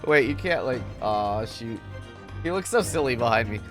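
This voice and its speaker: A man's voice: mid-range voice, expressive, normal speed, over music. A man streaming a mystery game, chatting playfully with giggly, rambling asides. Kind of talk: casual gaming commentary.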